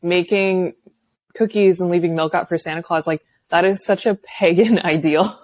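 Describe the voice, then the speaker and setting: A woman's voice: lowish voice, fairly even intonation, normal speed, darkish tone. A woman in her twenties, a podcast guest in casual chat, talking in a chatty way, laughing often and filling her talk with "like". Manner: chatty, laughs often, many filler likes.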